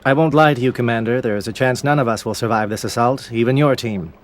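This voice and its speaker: An actor playing a stern, disciplined alien military captain in a video game, speaking in formal, clipped military phrases. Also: male voice, mid-range voice, quick pace, lightly acted. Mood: resolute. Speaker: commander briefing troops.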